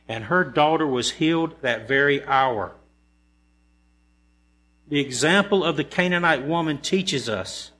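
A man preaching a sermon in a church, his voice pitched a little higher than most men's. He slips from easy, conversational storytelling into rising, emphatic rhetorical questions. A low mains hum runs under the recording. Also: a bit bright. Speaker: pastor. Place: church sanctuary.

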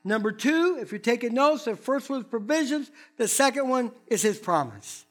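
Man, pastor, sermon, high voice, animated, chatty asides. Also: moderate pace. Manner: animated, conversational preaching with asides.

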